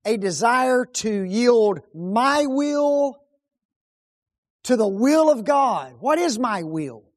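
A man delivers a sermon at a slow pace, his pitch swinging widely as he moves from loud, emphatic peaks to hushed, low asides. He poses rhetorical questions to the congregation.

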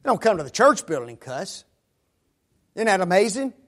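A man's voice: high voice, big pitch swings, moderate pace, a bit bright. A man preaching a sermon, often calling his listeners folks and tagging his points with rhetorical questions.

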